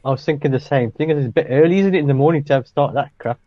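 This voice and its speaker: A man's voice: medium pitch, racing, dry recording. A man co-hosting a podcast, dropping dry, wry one-liners in casual banter. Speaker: podcast co-host. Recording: dull, dry lo-fi mic.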